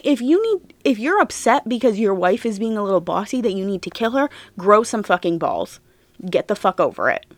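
A young woman hosting a true-crime podcast, ranting bluntly into a close microphone, swearing often and getting louder when she is outraged. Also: mid-range voice, no room sound. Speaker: podcast host.

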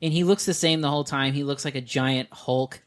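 Laughing, animated male podcast co-host. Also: mid-range voice, brisk. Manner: animated, laughing often, exaggerated disbelief. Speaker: podcast co-host, film critic. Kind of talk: casual chat.

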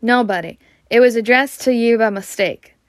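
Lady doing a gruff blustery uncle, slow and dry sounding. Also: medium pitch, fairly even intonation, dry recording. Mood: curt. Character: blustering angry middle-aged uncle.

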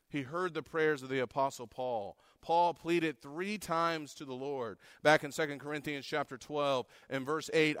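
A man's voice: fairly high pitch, fairly bright tone, clean tone, no echo, clean studio sound. A man preaching a sermon, earnest and rising to impassioned pleading when he reads scripture.

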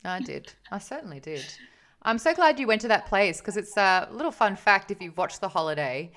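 An Australian woman in her thirties, a podcast guest, telling animated anecdotes and laughing often in casual chat. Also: mid-range voice, fairly quick.

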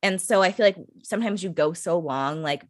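A woman with a lowish voice co-hosting a casual podcast, recorded dry with little room sound. She gives blunt opinions and swears freely. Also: a little fast, dry recording. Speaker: podcast co-host. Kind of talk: casual chat.

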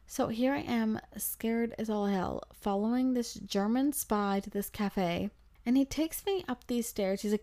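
Animated young woman telling a travel story. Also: fairly high pitch, measured pace. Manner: animated, breathless, acts out quotes. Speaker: podcast host. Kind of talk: casual storytelling.

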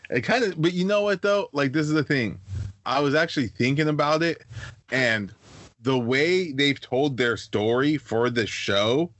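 Young dude on a podcast rambling earnestly, dry close sound. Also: male voice, fairly high pitch, fairly bright tone, no room sound. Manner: rambling, lots of "like" fillers, earnest. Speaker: podcast co-host. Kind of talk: casual chat.

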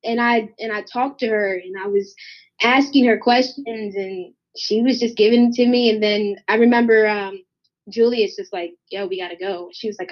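On a dull, lo-fi recording, a young woman who sings speaks at medium pitch and moderate pace. As a guest artist in a relaxed interview, she tells a lively story and imitates the voices of the people in it.

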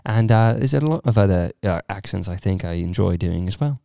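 A young man from Arizona chatting casually, laughing a lot between impressions. His voice is smooth and clear, recorded close and dry. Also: low-pitched, animated, brisk, warm tone, no echo. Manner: laughs often, puts on playful accent impressions. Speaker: guest chatting about accents. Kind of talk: casual chat.

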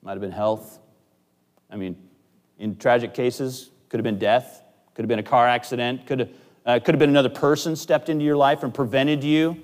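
A man preaching a sermon as pastor, swinging between loud emphasis and quiet asides. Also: mid-range voice, fairly even intonation, normal speed. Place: church sanctuary. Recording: long church hall reverb.

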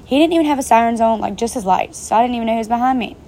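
A young woman tells a story straight to her viewers in a casual vlog, chatty and swearing freely. Her fairly high, mellow voice races along, with slight background noise and faint rain behind her.

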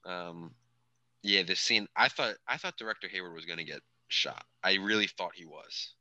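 A man with a very low voice and a bright, forceful edge talks through a show recap in a casual, excited way. He corrects himself often, and the sound is dry and close with no room echo. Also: moderate pace. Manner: chatty, self-correcting, enthusiastic. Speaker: podcast co-host.

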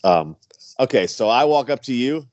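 A man's voice: medium pitch, normal speed, no echo, lo-fi sound. A man, a wrestler guest, telling stories in casual chat, acting out quotes and laughing often. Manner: animated storyteller, acts out quotes, laughs often.

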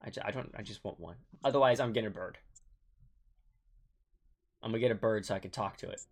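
A man's voice: lowish voice, quick pace, breathy edge. A young man hosting a casual podcast chat, rambling and laughing often. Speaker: podcast host.

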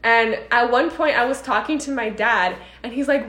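A woman's voice: sits high, fast, few pauses, fairly bright tone. A young woman from the United States in casual chat, rambling and filling her talk with "like". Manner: chatty, rambling, fills with "like". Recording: roomy echo.

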